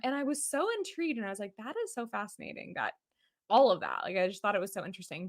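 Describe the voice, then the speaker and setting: A woman's voice: mid-range voice, big pitch swings, fast talker, dry recording, clean studio sound. A woman from Boston hosting a podcast, telling a personal story in a chatty way with lots of fillers and frequent laughs. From Boston, USA. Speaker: podcast host.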